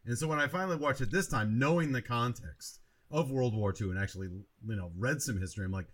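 A man on a movie review podcast talks in a plain mid-pitched voice. He thinks out loud, circling back and restarting his sentences as he goes. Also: lively intonation, fast talker. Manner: reflective, rambling with many restarts. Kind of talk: casual movie review chat.

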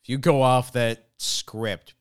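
A man's voice: medium pitch, fairly even intonation, slow, clean tone, no echo, studio quality. A man hosting a podcast in casual chat, making wry joking asides and swearing freely. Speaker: podcast host.

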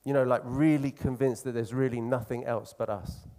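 A man preaching a sermon in an earnest, conversational way, slowing down to stress key phrases. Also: mid-range voice, fairly even intonation, dark tone.

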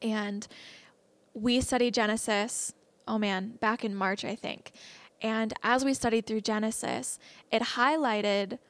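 A young woman delivers a casual sermon in a slightly high voice. She talks in an earnest, conversational way, reading verses and reflecting on them. The sound is dry and close, with little room around it. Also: slow pace, no room sound. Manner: earnest and conversational, slips into excited laughs. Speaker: speaker teaching a Bible message.

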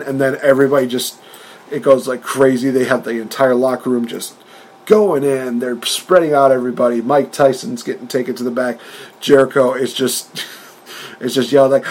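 A wrestling podcast co-host chats casually with animated energy, laughing often and acting out quotes in a raised voice. His voice is mid-range, and the audio quality is poor.

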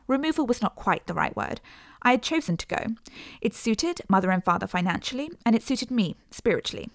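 A woman narrating a first-person story as an audiobook, in a measured, earnest way. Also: medium pitch, creaky, no room sound, clean studio sound.

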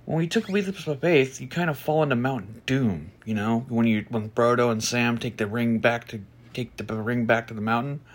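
A man telling a story about a past job as a podcast host, blunt and profane, starting slow and soft, then growing loud and heated. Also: mid-range voice. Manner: slow and soft at first, growing louder and animated. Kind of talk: casual storytelling monologue.

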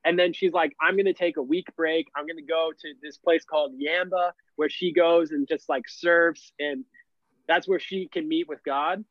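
A man's voice: on the high side, moderate pace, no echo. A young man telling a story casually as a podcast guest, leaning on "like" as a filler. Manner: animated, heavy use of "like" fillers. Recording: dull, lo-fi and dry.

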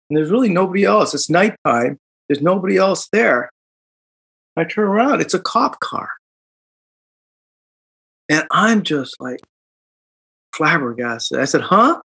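A middle-aged man, recounting a personal story in an interview, animated and reflective, with quick laughs and fillers. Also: high voice, vocal fry, slightly rough. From Chicago, United States. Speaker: guest.

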